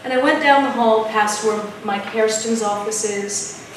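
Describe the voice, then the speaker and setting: A woman telling a spooky story at an open mic, dramatic and dropping to a hush at tense moments. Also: fairly high pitch, unhurried, slight background noise. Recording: echoey room from far off.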